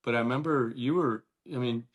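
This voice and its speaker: A middle-aged man, a former ballplayer, guesting on a casual podcast chat, speaking earnestly and warmly and often restarting his sentences. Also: mid-range voice, a little fast, dull audio. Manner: earnest and warm-hearted, with frequent restarts. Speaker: guest, former baseball player.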